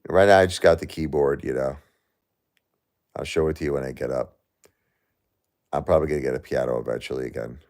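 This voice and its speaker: A middle-aged man hosting a livestream, grieving and talking in a raw, repetitive way that swings from anger to hushed disbelief. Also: rumbling low, steady tone, a little fast, pauses often. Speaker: livestream host. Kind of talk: emotional live-stream monologue.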